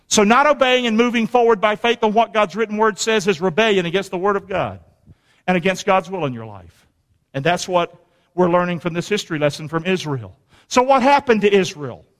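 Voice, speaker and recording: A man preaching a sermon, quizzing the congregation and rising to shouts at the peaks. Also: sits high, big-room sound. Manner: preaching with call-and-response questions to the congregation; rises to shouting at climaxes. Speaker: pastor.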